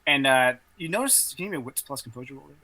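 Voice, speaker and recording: A man's voice: medium pitch, animated, racing, sharp tone, poor audio. A man narrating a tabletop role-playing game as game master, rambling with many fillers.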